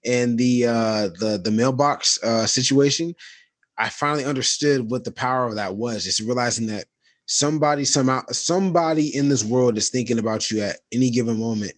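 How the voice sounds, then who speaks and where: A man co-hosting a podcast in casual chat, speaking in a halting, reflective way with many fillers. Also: medium pitch, dry recording. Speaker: podcast co-host.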